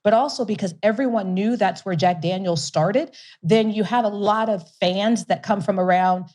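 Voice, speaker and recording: Animated woman telling a story. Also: mid-range voice, moderate pace. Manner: animated storyteller who laughs often and repeats words for emphasis. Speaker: guest, company CEO. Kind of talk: conversational storytelling interview.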